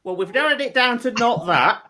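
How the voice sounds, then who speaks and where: A man's voice: extremely high pitch, lively intonation, a little fast, sharp tone. A man chatting with friends and throwing in dry, teasing quips. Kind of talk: casual banter.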